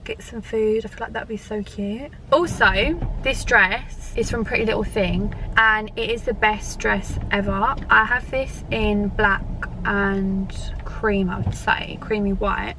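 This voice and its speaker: A woman's voice: medium pitch, fairly bright tone, a little hiss or hum, low-quality recording. A young woman with a British accent chatting casually and rambling on while driving her car. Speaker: vlogger. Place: inside a car.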